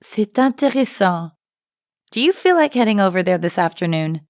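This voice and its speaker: A woman with a fairly low voice co-hosts a scripted language lesson, walking through each phrase in a friendly, explanatory way. The sound is dry and close to the mic. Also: sing-song, fast talker, dry recording. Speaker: language teacher and co-host.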